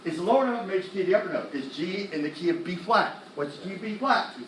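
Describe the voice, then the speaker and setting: A man teaching music theory in a classroom lecture, animated, firing quick questions at the students and tossing in slang. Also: high voice, a little hiss or hum. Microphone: laptop recording the lecture. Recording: echoey classroom from a distance.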